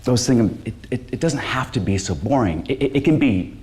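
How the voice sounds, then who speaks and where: An actor playing a washed-up, anxious middle-aged stand-up comic who talks in a halting, stammering, self-deprecating way. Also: male voice, medium pitch, animated, darkish tone, close to an everyday voice. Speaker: stand-up comic pitching a show.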